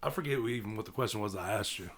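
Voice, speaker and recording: A man's voice: on the low side, rapid-fire, fairly bright tone. A man hosting a casual interview, asking short questions and mostly giving brief affirming replies. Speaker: interviewer, host.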